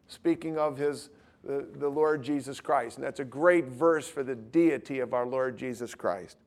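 A male preacher delivering a sermon, telling stories in an animated, emphatic way. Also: mid-range voice, unhurried. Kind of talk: sermon with storytelling.

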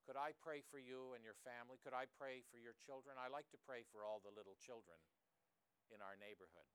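Frail kindly old missionary woman, gentle and soft-spoken; a man reads her in his own voice. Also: mid-range voice, fairly quick, clear, resonant tone, no echo, lightly acted.

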